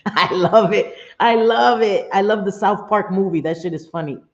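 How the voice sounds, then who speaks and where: A woman's voice: medium pitch, moderate pace, highs cut off. A woman hosting a casual live stream, thanking viewers, swearing casually, laughing often and dropping in Spanish phrases.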